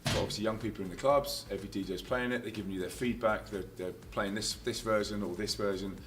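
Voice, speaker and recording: A man's voice: lowish voice, steady tone, fast talker. A man chats casually as an interview guest, spinning stories from the road. He laughs easily and acts out quotes at full volume. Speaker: touring Christian musician, interview guest. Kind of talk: casual anecdotal storytelling.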